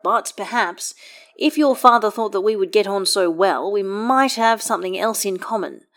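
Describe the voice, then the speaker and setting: A woman's voice: mid-range voice, moderate pace, a bit bright, close to an everyday voice. Give me a woman playing a polite, exasperated wizard man with dry humor, in a storybook reading. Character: weary, polite, dryly witty wizard man. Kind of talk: audiobook reading of fan fiction.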